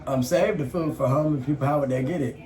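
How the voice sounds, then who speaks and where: A young vlogger with a mid-range, darkish voice chats and jokes quickly while eating, loose and laid-back, swearing freely. The echoey room carries faint background noise.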